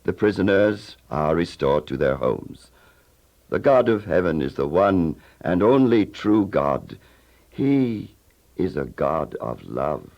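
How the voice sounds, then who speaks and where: An actor playing a gate guard and a solemn patriarch in a dramatized audio Bible story, with a gravelly voice. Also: male voice, deep voice, big pitch swings, takes it slowly, a little mellow, muffled recording, exaggerated voice.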